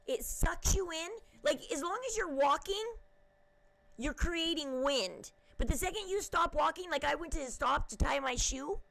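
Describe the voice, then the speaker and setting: A woman's voice: high voice, measured pace, vocal fry, a bit bright, rough recording. A woman host rambling casually to her viewers in a chatty, emphatic way. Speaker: channel host.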